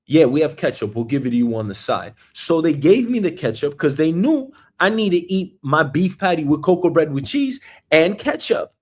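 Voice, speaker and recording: A man's voice: on the high side, moderate pace, few pauses. A middle-aged man with a New York accent hosting a casual comedic monologue, acting out the people he quotes. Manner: animated storytelling, acts out quoted voices. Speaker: host.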